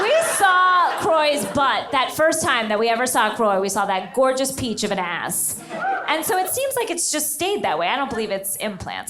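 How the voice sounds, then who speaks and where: Animated, laughing woman podcast host. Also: high-pitched, echoey room. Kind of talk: live comedic podcast chat. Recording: live stage with audience crowd noise.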